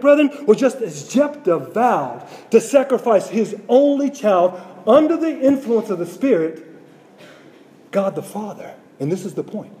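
A man's voice: sits high, mellow. A man preaching a sermon to his congregation, repeating phrases and asking rhetorical questions.

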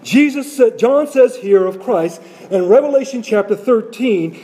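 A man's voice: high voice, moderate pace, few pauses, warm tone. A man preaching a sermon to his congregation, repeating phrases and asking rhetorical questions.

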